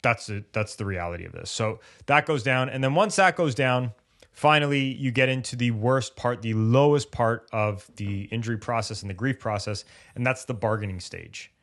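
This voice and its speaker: A man with a mid-pitched voice talks casually on a podcast about coming back from sports injuries. He speaks in animated bursts and acts out the inner voices of injured athletes. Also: moderate pace. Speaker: podcast co-host and injury recovery coach.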